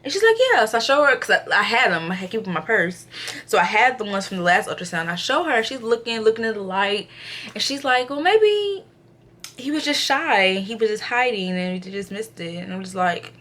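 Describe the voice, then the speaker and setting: Chatty young woman retelling her day. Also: fast talker. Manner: animated retelling, acts out others' quotes, filler-heavy; subdued, low energy at times. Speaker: vlogger. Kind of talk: casual storytelling to camera.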